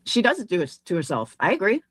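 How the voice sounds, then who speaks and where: A woman's voice: mid-range voice, big pitch swings, quick pace, slightly rough, no room sound. A woman giving blunt, judgmental commentary in a casual clip played on a stream.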